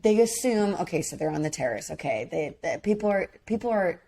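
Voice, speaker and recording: A woman's voice: fairly low pitch, fairly quick. A woman co-hosting a podcast, chatting casually and emphatically, acting out what others said. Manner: animated, emphatic, acts out quotes. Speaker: podcast co-host. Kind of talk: casual chat recapping a reality show.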